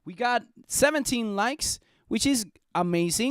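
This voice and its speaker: A young man hosting a casual stock market live stream, excitable and jokey, chatting straight to his viewers. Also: high-pitched, normal speed, hardly any pauses, heavy background noise.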